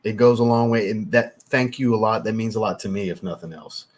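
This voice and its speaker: Husky laid-back man hosting a livestream. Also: on the low side, a little fast. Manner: laid-back, swears casually, chatty asides to viewers. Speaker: livestream host, fragrance reviewer. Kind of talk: casual livestream chat reading super chats.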